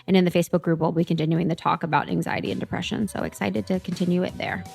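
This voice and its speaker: A young adult woman co-hosting a podcast, chatting casually, animated and swearing freely. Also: on the low side, very fast, creaky, slightly rough, faint music behind. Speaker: podcast co-host. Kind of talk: casual chat.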